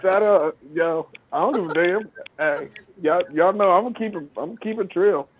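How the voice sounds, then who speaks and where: Brash joking man, slightly high voice, muffled, busy chatter behind. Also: normal speed. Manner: brash, joking, says yo a lot. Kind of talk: casual group chat.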